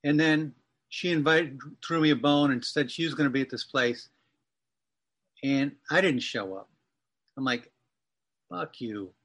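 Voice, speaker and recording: A man's voice: on the high side, moderate pace, pauses often, fairly bright tone. A man in his fifties from Massachusetts, a writer telling a rambling, wry personal story as an interview guest. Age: 50s. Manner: wry, digressive, self-correcting storyteller.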